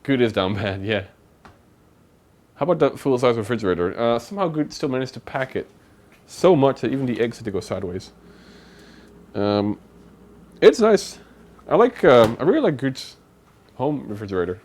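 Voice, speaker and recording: A chatty man co-hosts a live stream from a home kitchen, chatting as he cooks and stopping to thank viewers. His voice swings widely up and down in pitch, at a middle height. A faint hum of noise sits under the recording. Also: sing-song, moderate pace, pauses often, darkish tone. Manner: chatty, thanks viewers for donations mid-task. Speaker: streamer co-host. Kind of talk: casual chat while cooking on stream.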